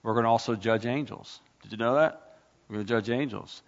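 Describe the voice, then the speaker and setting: Gravelly preaching man, echoey church. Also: medium pitch, brisk, highs cut off. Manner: emphatic preaching with rhetorical questions and repeats. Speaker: pastor. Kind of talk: sermon.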